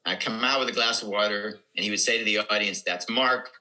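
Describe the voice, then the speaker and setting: Older man with a sharp, tense voice. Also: on the low side, fairly even intonation, quick pace, poor audio. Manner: rambling anecdotes with quoted dialogue. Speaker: comedian guest. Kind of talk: casual storytelling on a podcast.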